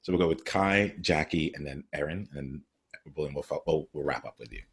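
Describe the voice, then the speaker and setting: Male host, very low and husky, runs a video call. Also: a little fast. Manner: steady, directing who speaks next.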